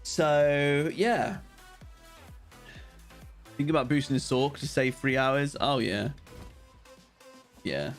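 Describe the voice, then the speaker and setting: A man's voice: medium pitch, lively intonation, takes it slowly, long pauses, soft background music. A young man rambling casually on a game live stream, greeting viewers by name as he plays.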